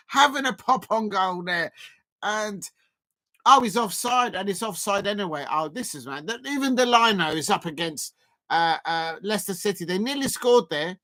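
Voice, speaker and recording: A casual stream host talks over a live football match, wandering between the game, the viewers in chat and little asides. The voice is bright and forward, and it leaps into excited shouts whenever a shot goes close. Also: medium pitch, normal speed. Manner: rambling and chatty, gives shout-outs to chat viewers; bursts into excited shouts at chances on goal.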